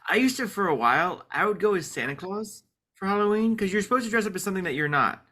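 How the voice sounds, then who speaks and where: Male podcast co-host, bright tone, rambling and jokey. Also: sits high, lively intonation, fast talker. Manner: rambling, filler-heavy, joking. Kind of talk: casual chat.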